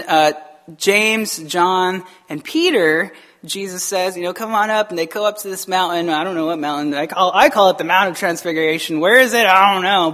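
A male pastor preaching a casual, conversational sermon in church, lively and full of restarts, acting out the voices he quotes. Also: sits high. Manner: casual and chatty, with frequent restarts and laughs. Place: church sanctuary, also streamed online.

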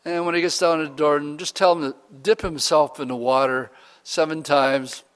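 A man voicing a calm, unbothered prophet who speaks in an easygoing, offhand way. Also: on the high side, moderate pace, clear, resonant tone, big-room sound, close to an everyday voice.

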